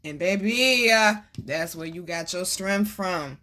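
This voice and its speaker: A woman doing a casual tarot reading for her viewers in a lively, preaching cadence. She calls them baby and boo. She swears easily and without any edge. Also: lowish voice, slow pace. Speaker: tarot reader.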